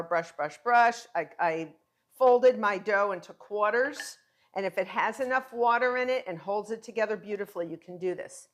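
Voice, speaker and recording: Middle-aged woman, home cooking teacher, encouraging and conversational, mid-range voice. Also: mid-range voice. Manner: encouraging, chatty, talks viewers through each step. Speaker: cooking instructor. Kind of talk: cooking demonstration.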